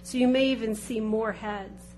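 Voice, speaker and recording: A woman's voice: on the high side, fairly even intonation, normal speed, darkish tone, soft background music. Woman staffer answering council questions. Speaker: city staff member.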